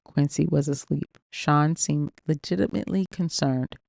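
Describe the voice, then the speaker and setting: Warm-voiced woman reading an audiobook. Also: sits low, moderate pace, creaky, dry recording, clean studio sound. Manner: earnest, reacts openly. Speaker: audiobook narrator.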